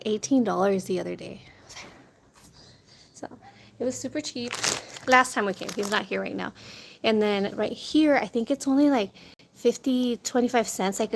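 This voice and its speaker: A woman chatting casually on a food vlog, laughing often and retelling what others said, outdoors on a street. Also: on the high side. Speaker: food vlogger. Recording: noisy outdoor street sound. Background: street noise and wind.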